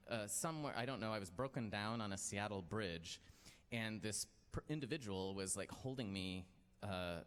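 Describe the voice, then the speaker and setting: A man's voice: fairly low pitch, a bit bright, clear, resonant tone. A man hosting a live storytelling night, telling a personal story in a rambling, self-deprecating way with many fillers. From United States. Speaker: storytelling show host. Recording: long hall reverb.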